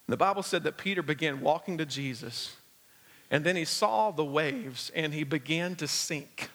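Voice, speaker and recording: A guest pastor with a slightly high, somewhat bright voice preaches a sermon at a moderate pace in a church sanctuary, telling the story with humor and acting out scenes. A handheld or stage mic picks him up with a big-room sound.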